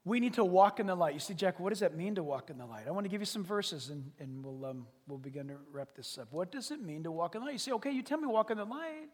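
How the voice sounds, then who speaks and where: A pastor preaching a sermon, animated and dramatic, dropping to whispers and acting out little scenes. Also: male voice, fairly high pitch, fast, hardly any pauses, slightly rough, big-room sound. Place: church service.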